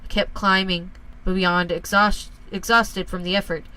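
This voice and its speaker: A woman reading a first-person horror story aloud in a calm, measured way. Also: fairly low pitch, low-quality recording.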